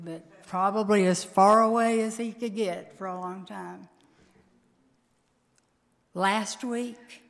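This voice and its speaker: A woman preaching a sermon, emotive and emphatic, with sudden loud peaks. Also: medium pitch. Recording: long reverb of a large hall.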